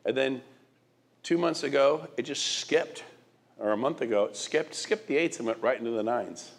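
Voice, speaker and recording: At a moderate pace, a middle-aged guest speaker with a medium-pitched, creaky voice and lively intonation delivers a motivational speech. He hits the audience with emphatic rhetorical questions, often restarting and repeating words.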